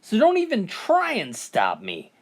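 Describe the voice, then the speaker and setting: A woman's voice: mid-range voice, huge pitch swings, a little slow, pitched above the performer's own voice. A woman voicing a cheeky, mouthy young boy with blunt punchlines.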